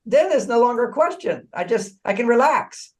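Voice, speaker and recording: A man speaking as an author guest in a podcast interview. He is animated, chuckles often and repeats words as he restarts his sentences. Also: very high voice, moderate pace. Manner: animated, acts out dialogue, frequent chuckles.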